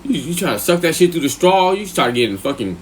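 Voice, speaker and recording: A man's voice: very animated, fast, a little hiss or hum. Profane, rambling male storyteller. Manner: profane, slang-heavy, rambling with filler questions; jumps much higher in pitch when quoting himself. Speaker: live streamer. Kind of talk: casual storytelling on a live stream.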